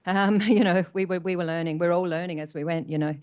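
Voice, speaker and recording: A woman's voice: fairly low pitch, fairly even intonation, fast talker, darkish tone, smooth. Earnest woman telling her story. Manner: earnest, emotional, repeats phrases for emphasis. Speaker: motivational speaker. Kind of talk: personal talk to an audience. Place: community event room.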